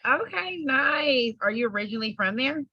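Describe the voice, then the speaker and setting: A woman's voice: high voice, expressive, moderate pace, no room sound, dull audio. A woman hosting a mentorship program on a video call, chatting enthusiastically with her guest and laughing often. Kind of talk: casual chat with guest.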